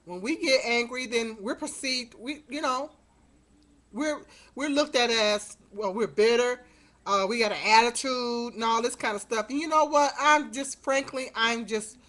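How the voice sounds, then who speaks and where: A middle-aged woman vlogger rambles through a story to her webcam, exasperated and full of fillers, in a casual monologue picked up by the webcam mic. Her voice is a bit high, a bit slow, and a touch bright.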